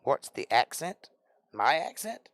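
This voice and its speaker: A man's voice: fairly high pitch, very animated, slow, a bit bright, dry recording. A man with a Georgia Southern accent hosting a casual livestream, reading chat comments aloud and answering with wry, joking banter. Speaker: livestream host and Bible teacher.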